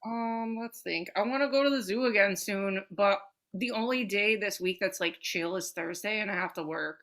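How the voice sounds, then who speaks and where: A woman's voice: mid-range voice, moderate pace, fairly bright tone. A woman co-hosting a podcast, with a Detroit accent, talking in loose casual chat. She speaks bluntly, swears often and fills her talk with "like." Her voice sits in the middle range. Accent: Detroit, Michigan. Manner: blunt, heavy "like" filler, swearing. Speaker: podcast co-host.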